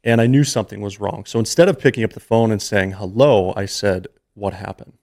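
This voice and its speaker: A man's voice: lowish voice, fast talker, gravelly, a little mellow. A man in his thirties, a podcast guest, telling a personal story in an earnest, emotional, conversational way.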